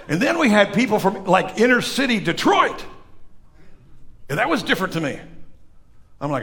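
A man's voice: on the high side, big pitch swings, fairly quick, long pauses, a bit bright. A man from northern Illinois farm country with a Midwestern accent, preaching a conversational sermon and joking with the congregation. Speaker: pastor. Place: church.

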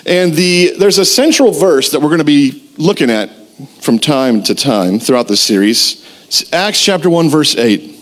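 Animated pastor telling a story. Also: male voice, fairly high pitch, moderate pace. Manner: animated storytelling, acts out quotes. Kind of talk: sermon.

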